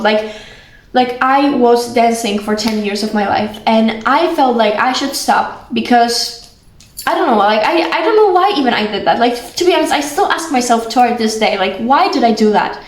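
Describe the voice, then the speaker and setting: Brief: young woman, affectionate chatty vlogger, higher voice, roomy echo. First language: Polish. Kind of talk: casual heartfelt talk to camera.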